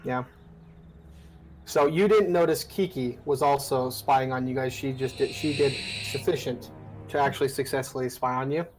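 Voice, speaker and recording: A man's voice: medium pitch, steady tone, normal speed, faint music behind, low-quality recording. A man narrating as dungeon master in a casual, rambling way, with many fillers and restarts. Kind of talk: narrating a tabletop game.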